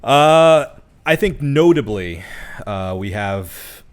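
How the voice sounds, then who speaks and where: A man's voice: mid-range voice, lively intonation, slow. A man co-hosting a podcast, chatting about a movie in a laid-back, jokey way. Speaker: podcast co-host. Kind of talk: casual movie review chat.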